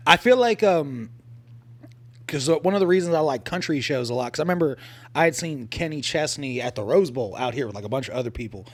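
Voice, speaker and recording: A man's voice: on the high side, animated, brisk. A man co-hosting a podcast in casual, rambling chat, full of likes and restarts and joking asides.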